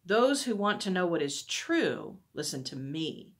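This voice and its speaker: A woman reading a calm, gentle teacher. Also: on the low side, measured pace, full character voice. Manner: calm, explaining. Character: calm, gentle adult male teacher, quietly sure.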